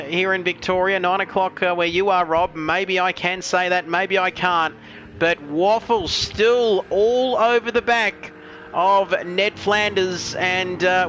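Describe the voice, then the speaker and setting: A man's voice: sits high, pushed and bright, a little hiss or hum. A man commentating a sim race, chatty and joking while reading out viewer messages. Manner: chatty, joking, reads chat messages aloud.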